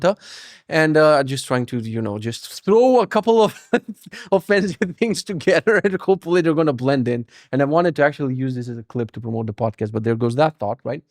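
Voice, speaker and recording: A man's voice: on the high side, fairly quick, dry recording, studio quality. A young man hosting a podcast, telling a story casually, swearing a lot and acting out voices. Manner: swears a lot, animated, acts out voices for laughs. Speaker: podcast host.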